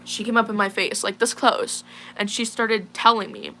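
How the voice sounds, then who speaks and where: A teenage girl vlogger tells viewers a personal story about a distressing incident, rambling with lots of fillers and sounding shaken. Her mid-range voice is bright and forceful, with a steady tone and normal speed. It's casual storytelling to a live audience.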